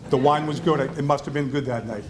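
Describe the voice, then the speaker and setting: A man's voice: mid-range voice, brisk, noisy background. A man telling a self-deprecating story in a hall of fame acceptance speech at a restaurant event, acting out the voices of the people in it.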